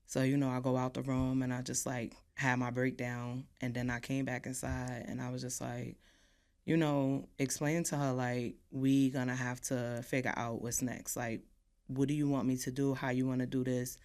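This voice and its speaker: A woman who is a podcast guest, telling a personal story in a casual way, acting out what people said and often trailing off softly. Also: rumbling low, flat delivery, normal speed, smooth.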